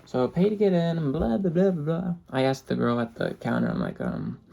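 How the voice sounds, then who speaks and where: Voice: medium pitch, animated, brisk, vocal fry, very noisy. An ASMR creator telling a travel story in a chatty, casual way. The speaker laughs often and drops in short Japanese phrases.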